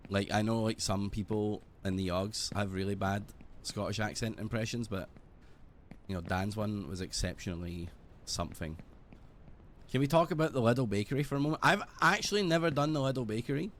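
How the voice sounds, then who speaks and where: A British man streaming a game, chatting casually in a rambling, sweary, animated way. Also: lowish voice, normal speed, slight background noise. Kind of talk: casual gaming stream chat.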